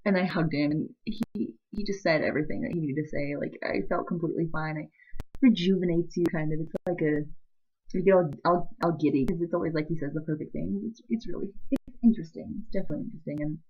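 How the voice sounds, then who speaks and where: A young woman vlogging about leaving home, teary and emotional, rambling and halting as she laughs through the tears. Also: low voice, breathy edge, lo-fi sound. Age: young adult. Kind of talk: emotional vlog confession.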